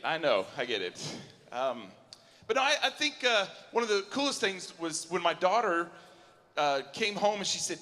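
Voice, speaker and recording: A man's voice: on the high side, big pitch swings, moderate pace, sharp tone. A man in his forties doing a stand-up comedy set, chatty and self-mocking, often asking the crowd if they follow him. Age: 40s. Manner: chatty, self-mocking, keeps asking the crowd "you know what I'm saying?". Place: large auditorium at a live show. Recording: hall reverb from a live venue.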